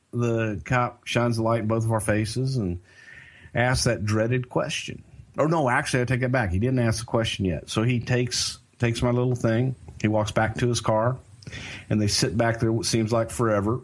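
A man telling a story in casual chat, animated and self-mocking, acting out other people's lines. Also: medium pitch, moderate pace. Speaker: storyteller guest.

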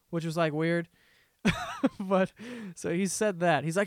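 A man's voice: sits high, moderate pace, clean tone, dry recording, clean studio sound. A young man hosting a podcast, telling a story in a casual, profane, exasperated rant with jokes. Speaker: podcast host. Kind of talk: casual ranting monologue.

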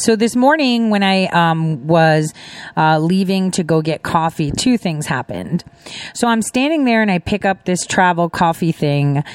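A woman's voice: lowish voice, smooth, no echo. A middle-aged woman hosting casual commentary, telling chatty stories with laughing asides. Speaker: host.

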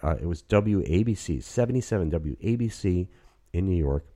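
A man in his fifties hosting a podcast, chatting in an excitable, rambling way from his apartment. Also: low-pitched, normal speed. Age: 50s. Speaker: podcast host. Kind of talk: casual chat.

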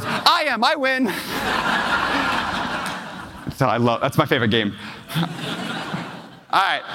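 A man with a medium-pitched, slightly bright voice delivers a storytelling keynote as a real estate investor. He draws on emotional personal stories and asks questions of the live audience filling a large hall, which leaves long reverb on the sound.

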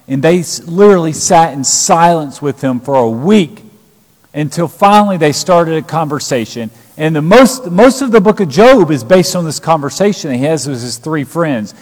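A man's voice: fairly high pitch, animated, normal speed, a little mellow. A man preaching a sermon, retelling scripture and acting out the quoted lines with emphasis. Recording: long reverb of a large hall.

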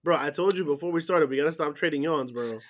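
A man co-hosting a casual wrestling recap podcast, playful and quick to laugh. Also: a little high. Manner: playful, laughs often, hammy self-introductions. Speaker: podcast co-host.

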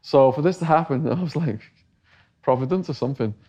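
A man's voice: fairly high pitch, fairly quick, mellow, highs cut off. A middle-aged English man telling a long story in a casual interview, acting out the voices of the people he quotes. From England. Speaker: interview guest.

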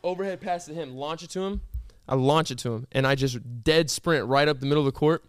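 A young man hosting a casual podcast, telling stories in an animated way and teasing his guest in loud, disbelieving bursts. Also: a little high, fairly quick, smooth, no room sound, studio quality. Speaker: podcast host. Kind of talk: casual chat.

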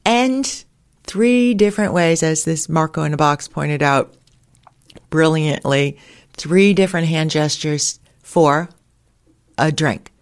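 A woman's voice: sits low, takes it slowly, clean tone. A woman hosting a podcast, telling casual stories in a chatty way and laughing often. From United States. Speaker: podcast host. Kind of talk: casual storytelling monologue.

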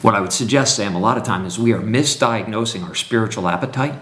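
A man's voice: lowish voice, fast talker, a bit bright. A man speaking in a teaching conversation with emphatic, preacherly build-ups and repetition. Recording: roomy echo.

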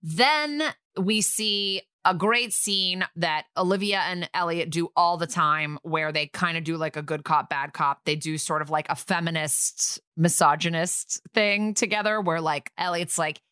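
A woman's voice: on the low side, measured pace, few pauses, bright, forceful tone, clean tone, no echo, clean studio sound. A woman co-hosting a podcast, recapping a TV episode in casual chat and acting out quoted lines in playful voices. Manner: chatty, acts out quoted lines in funny voices. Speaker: podcast co-host.

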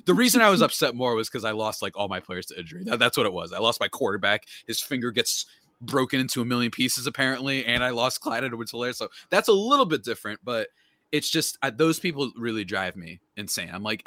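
A man's voice: medium pitch, no echo. A young man ranting animatedly in a casual sports chat as a podcast guest. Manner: animated ranting, mock voices.

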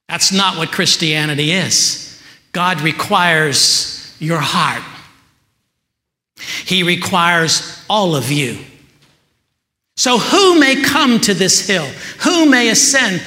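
A male pastor delivers a sermon in a high, bright voice. He speaks slowly and deliberately, leaning into rhetorical questions. His words ring out with a long, roomy reverb, as if he is heard across a large hall. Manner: slow, emphatic preaching with rising rhetorical questions.

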